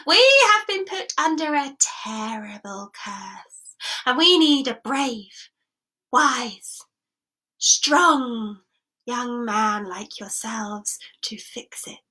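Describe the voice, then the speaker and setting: A woman voicing an old bearded king who speaks slowly and gravely in a storybook tale. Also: fairly high pitch, animated, sharp tone, exaggerated voice, low-quality recording. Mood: solemn.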